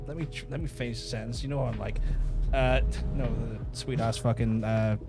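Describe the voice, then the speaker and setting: A man's voice: medium pitch, fairly even intonation, a little fast, over loud music. A man hosting a podcast, chatting casually over gameplay with crude, teasing jokes. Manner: crude, teasing banter with mock voices. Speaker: podcast host.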